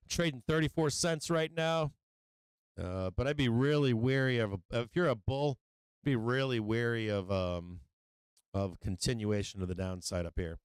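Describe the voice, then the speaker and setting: A man's voice: medium pitch, normal speed, clear, resonant tone, dry recording, studio quality. A middle-aged man hosting a live stock market stream, talking casually and profanely about charts and money, rambling between trade updates. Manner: rambling, profane, breaks into gleeful taunting. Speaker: livestream stock market host.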